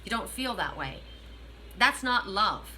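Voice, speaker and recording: Bright-voiced woman giving a card reading. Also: mid-range voice, big pitch swings, a little slow, a little hiss or hum, rough recording. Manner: earnest, repetitive, affirming, addresses the listener directly. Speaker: oracle card reader. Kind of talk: spiritual card reading to viewers.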